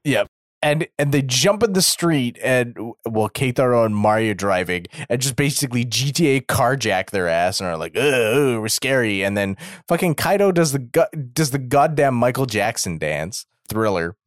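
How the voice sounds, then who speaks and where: A man's voice: medium pitch, sing-song, moderate pace, no echo, clean studio sound. A man co-hosting a podcast, casually recapping episodes and acting out the characters' lines with plenty of swearing. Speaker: podcast co-host.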